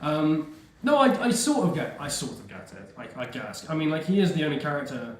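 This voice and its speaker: A man's voice: fairly high pitch, sing-song, fairly quick. A man co-hosting a casual podcast, laughing often, swearing and slipping into silly voices as he talks. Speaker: podcast co-host. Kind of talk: casual chat. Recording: echoey room with faint noise.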